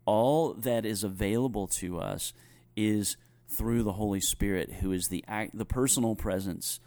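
Low-voiced Southern pastor chatting. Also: male voice, a little slow, darkish tone. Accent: softened Southern US. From North Carolina, US. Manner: thoughtful, restarts often, chuckles while telling stories. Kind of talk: conversational podcast chat.

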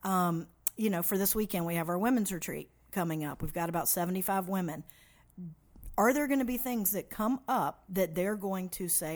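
A woman's voice: lowish voice, moderate pace, darkish tone. A woman who leads a women's ministry, talking in an upbeat, encouraging and lightly teasing way in a casual chat.

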